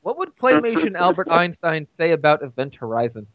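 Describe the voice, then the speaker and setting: A man's voice: a little high, very animated, fairly quick, dry recording, narrow, tinny audio. A young man co-hosting a movie podcast, cracking dry jokes with frequent stammered restarts. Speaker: podcast co-host. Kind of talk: casual movie chat.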